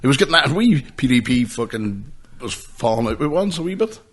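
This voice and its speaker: A man co-hosting a podcast, swearing freely as he tells animated stories in casual chat. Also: medium pitch, fairly quick. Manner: animated storyteller, swears freely, laughs often. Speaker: podcast co-host.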